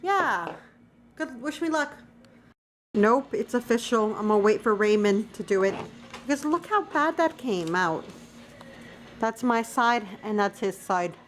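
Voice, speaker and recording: A woman's voice: on the high side, lively intonation, measured pace, long pauses, a little hiss or hum. A young woman talking casually to her viewers in a daily vlog, chatty and full of "like" fillers. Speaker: vlogger.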